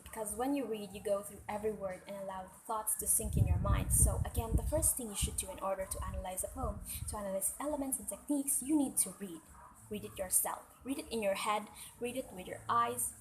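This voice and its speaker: A woman giving a step-by-step lesson on analyzing poems, in a steady, instructive manner. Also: medium pitch, noisy background. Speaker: student presenter.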